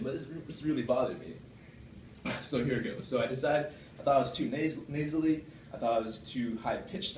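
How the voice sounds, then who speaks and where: Recorded from across an echoey meeting room, a man gives a prepared club speech that rambles and pokes fun at himself, packed with fillers and restarts. He pushes his voice deeper from the chest, giving it a darkish tone, and a little hiss or hum sits under the recording.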